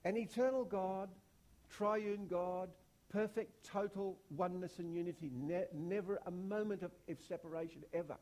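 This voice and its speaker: High-voiced man preaching with swelling intensity. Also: steady tone, moderate pace. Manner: repetitive rhetorical questions, big swings in loudness. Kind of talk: sermon.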